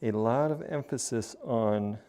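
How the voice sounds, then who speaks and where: In an unhurried, warm, medium-pitched voice, a man talks viewers through practice swings on his home golf simulator stream. His casual commentary takes a coaching tone aimed at the group, and he repeats his points.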